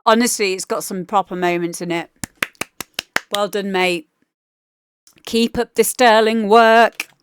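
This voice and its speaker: A woman's voice: mid-range voice, steady tone, unhurried, long pauses, background noise. A woman DJ chatting casually and enthusiastically on a livestream as she reviews listeners' demo tracks, swearing now and then. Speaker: DJ giving feedback on listener demos.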